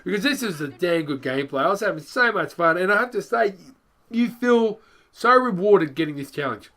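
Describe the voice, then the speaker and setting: A man rambling bluntly and excitably over his gameplay, as a gaming YouTuber. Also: high-pitched, a little fast. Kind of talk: casual gameplay commentary.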